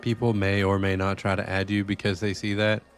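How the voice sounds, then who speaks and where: While gaming on a live stream, a man chats casually with his viewers in a loose, profane way, often rambling. His voice is on the low side, delivered flatly and a bit fast, with soft music playing in the background.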